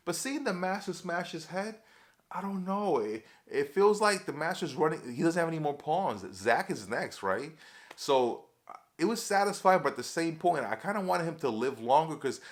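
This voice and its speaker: A man casually recapping a TV episode for his viewers, excitable and chatty, calling them y'all and acting out the characters' lines. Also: a little high, normal speed. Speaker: TV episode reviewer.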